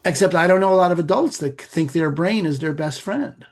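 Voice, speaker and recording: A middle-aged man, a meditation teacher and podcast guest, explaining in a relaxed conversational way with playful asides. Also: a little high, brisk. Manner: gravelly, husky, animated with playful asides.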